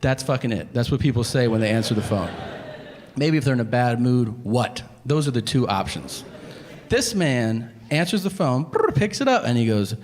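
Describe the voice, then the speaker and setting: A man's voice: medium pitch, lively intonation, moderate pace. A man doing stand-up comedy on stage, telling a story in an exasperated, profane way and acting out both sides of conversations. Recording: live stage recording with hall reverb.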